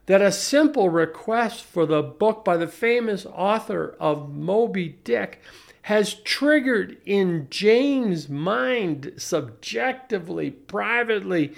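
A man in his forties giving a sardonic storytelling monologue, wry and deliberate, often restarting his sentences and adding asides. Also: high voice, lively intonation, vocal fry. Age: 40s. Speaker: commentator.

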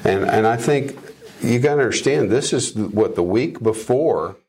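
A man's voice: mid-range voice, lively intonation, moderate pace, a little mellow, breathy edge. A man co-hosting a casual Bible discussion podcast, speaking in a reflective, conversational way with some jokes. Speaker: podcast co-host.

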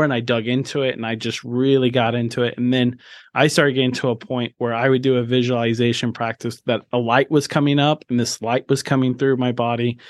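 A man's voice: medium pitch, no room sound. Male host, 30s, mid-range voice, open and earnest, restarts a lot, dry sound. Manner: earnest and open, with frequent restarts and emphatic bursts. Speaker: podcast host. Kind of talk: candid personal storytelling in an interview.

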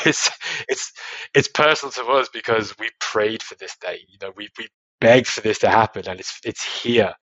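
A man, a father telling stories as a podcast guest, animated and quick to laugh. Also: on the low side, dry recording, dull audio. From Australia. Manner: animated storytelling, laughs often, many restarts. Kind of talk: casual interview chat.

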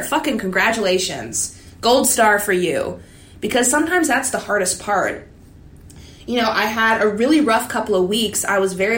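A woman's voice: medium pitch, fairly bright tone. Candid, swearing woman in an echoey room. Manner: blunt, frequent swearing, confiding. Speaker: vlogger. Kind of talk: candid motivational talk to camera.

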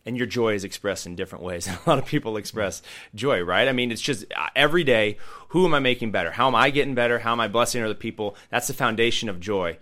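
Bright, emphatic pastor co-host. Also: male voice, lowish voice, fast talker, few pauses. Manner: emphatic and encouraging. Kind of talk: casual chat.

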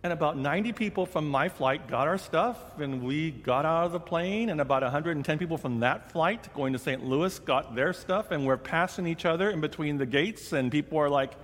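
A man's voice: fairly high pitch, moderate pace, few pauses. A male pastor preaching in a big sanctuary, his voice trailing off in a long hall reverb. He tells his story in a loose, chatty way, slipping into the voices of the people in it. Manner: conversational, animated storytelling with acted quotes. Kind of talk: sermon storytelling.

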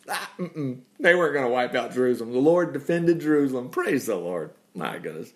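A man's voice: a little high, animated, moderate pace. A man preaching a casual, folksy sermon, often laughing and dropping in "praise the Lord". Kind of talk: conversational sermon.

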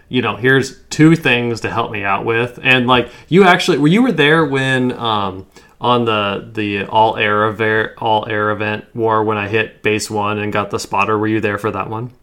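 A man's voice: on the low side, steady tone, normal speed, a bit bright. A man hosting a casual podcast chat about a strategy game, rambling and full of fillers like "like". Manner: rambling, filler-heavy, lots of "like".

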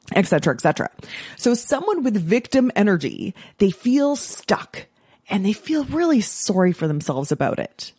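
A woman's voice: lowish voice, very animated, normal speed, darkish tone, breathy edge, no room sound, clean studio sound. A middle-aged woman hosting a casual solo podcast as a coach, blunt and swearing freely, acting out quoted excuses in mocking voices.

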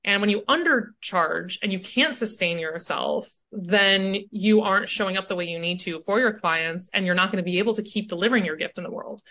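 A woman speaking as a coach and podcast guest in casual conversation. She is animated and keeps tagging her points with "right?". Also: mid-range voice, a little fast, few pauses. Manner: animated, often tags "right?".

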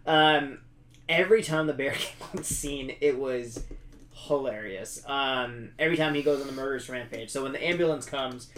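A man's voice: mid-range voice, normal speed, a bit bright. A man with a Southern American accent co-hosting a casual movie review podcast, laid-back and chuckling as he retells scenes. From Georgia, USA. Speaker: podcast co-host. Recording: distant mic with faint background noise.

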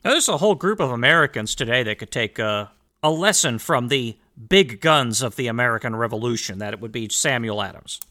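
Fiery, animated man lecturing listeners. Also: mid-range voice, fairly quick. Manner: emphatic and rhetorical, addressing listeners directly; sarcastic asides. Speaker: host. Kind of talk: history commentary monologue.

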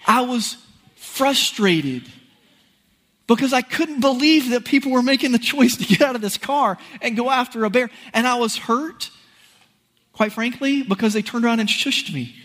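A man preaching a sermon, telling a personal story in an animated, folksy, conversational way. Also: very high-pitched, normal speed.

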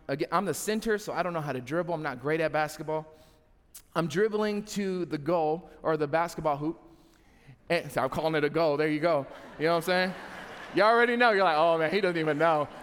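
A young adult man preaching a sermon as pastor, telling funny stories and talking straight to the congregation. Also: on the high side. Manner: humorous storytelling, talks to the congregation. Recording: long hall reverb.

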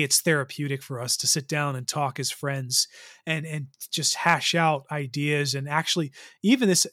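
This man co-hosts a podcast, chatting casually and often restarting as he rambles. His voice is a little high with a fairly bright tone, captured in a dry, studio-quality recording.

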